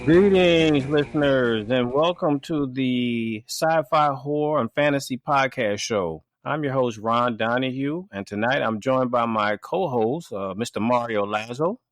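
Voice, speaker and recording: A man's voice: medium pitch, measured pace, hardly any pauses, a bit bright, no echo, soft background music. A man hosting a casual podcast, talking in a rambling, hesitant way on a close mic. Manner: rambling, hesitant, restarts and trails off. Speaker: podcast host.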